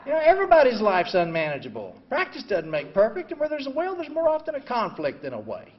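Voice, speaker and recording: A man in his seventies speaking at a recovery meeting talks fast through his recovery story, blunt and self-mocking, constantly leaning on "you know." His high voice moves across a wide, lively range, from quiet reflection to loud outbursts. The recording is dull and lo-fi.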